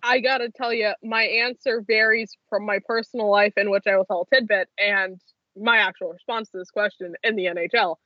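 A woman's voice: medium pitch, brisk, no echo, lo-fi sound. A young woman co-hosting a casual podcast, telling stories with lots of laughter. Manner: animated storyteller, laughs often. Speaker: podcast co-host.

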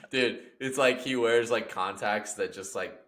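A man's voice: mid-range voice, a bit bright. A young man in casual chat, rambling and acting out silly scenarios with lots of laughter. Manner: rambling, acts out bits, laughs a lot.

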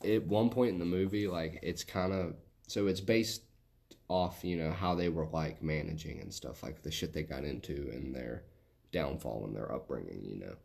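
Low gravelly Southern man, casual chat. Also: moderate pace, a little mellow. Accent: Southern American. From West Virginia. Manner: rambling, profane storytelling.

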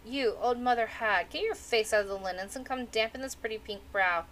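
A woman voicing a coarse, bossy fishwife midwife in a storybook reading, giving gruff orders. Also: fairly high pitch, a little fast, fairly bright tone, close to an everyday voice.

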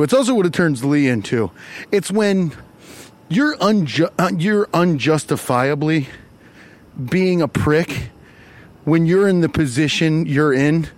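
Animated, profane male storyteller. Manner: animated, swings into high mocking voices when quoting people. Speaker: comedian telling a story.

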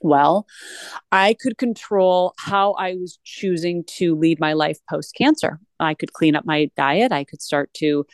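A woman's voice: low voice, unhurried, no echo. A woman guest talking earnestly in a conversational interview, with frequent restarts. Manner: earnest, animated, with many restarts.

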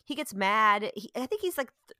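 A woman's voice: on the high side, normal speed, no echo, clean studio sound. A woman in her thirties in casual chat, animatedly telling family stories and acting out voices. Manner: animated storyteller, acts out voices, laughs often.

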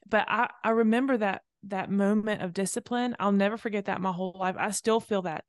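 A woman's voice: medium pitch, no echo. Earnest reflective woman, dry sound. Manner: earnest, reflective storytelling with fillers. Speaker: podcast co-host. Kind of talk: casual faith conversation.

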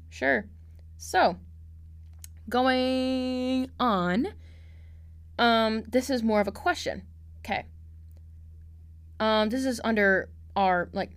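A young woman hosting a casual podcast, reading out online posts and reacting bluntly and sarcastically, swearing freely. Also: mid-range voice. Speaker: podcast host.

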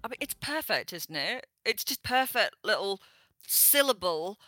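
A chatty woman from northern England with a bright, forceful voice, talking animatedly and playfully as a guest. The sound is dry and close, with no room around it. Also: medium pitch, sing-song, a little slow, dry recording, faint music behind. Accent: northern English. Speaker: guest sex historian. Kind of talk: casual interview chat. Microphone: remote call.

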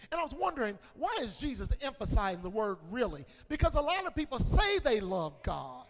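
A man pastor preaching a sermon in a church, leading call-and-response and building to shouts. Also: very high voice, very animated, brisk, hardly any pauses. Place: church sanctuary. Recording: long hall reverb.

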